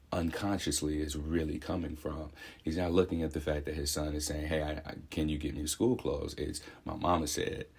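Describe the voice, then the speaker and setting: Very deep, husky-voiced man musing aloud. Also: darkish tone. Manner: candid, conversational, thinks aloud with fillers. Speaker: vlogger. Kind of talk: reflective personal monologue.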